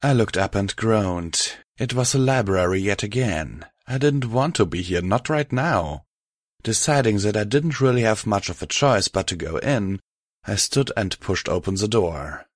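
Low-voiced man reading a story. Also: animated, unhurried, dry recording, studio quality. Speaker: narrator. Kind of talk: audiobook reading of fan fiction.

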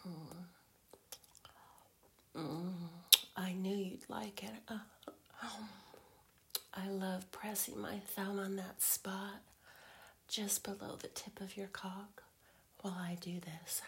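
A woman in a whispered role-play as a girlfriend, teasing in slow, breathy whispers broken by soft hums. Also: medium pitch, steady tone.

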